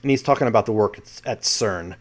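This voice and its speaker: A man's voice: on the low side, fairly quick. A man from New York hosting his own channel, reading a panel transcript aloud with dry, wry asides. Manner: wry asides, reads out quotes. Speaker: host.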